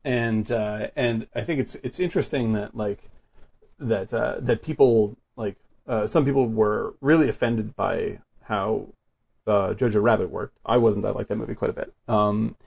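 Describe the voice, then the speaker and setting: A man with a gravelly, husky voice hosts a relaxed film chat. He talks loosely and fills his sentences with "like". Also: lowish voice, normal speed. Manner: chatty, fills with "like". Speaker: podcast host. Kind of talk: casual film discussion.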